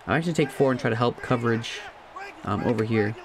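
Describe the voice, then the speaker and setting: A man giving casual let's-play commentary on a football video game, chatty and thinking aloud, laughing at himself and jumping to loud shouts at big plays. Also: mid-range voice, quick pace, noisy background. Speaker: gaming commentator.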